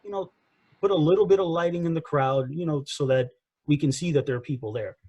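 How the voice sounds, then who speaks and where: Podcast co-host, male, slightly high voice, dry close sound, rambling casual wrestling chat. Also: fast talker, darkish tone, husky, dry recording, lo-fi sound. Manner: rambling, repeats himself, frequent "you know" and "again".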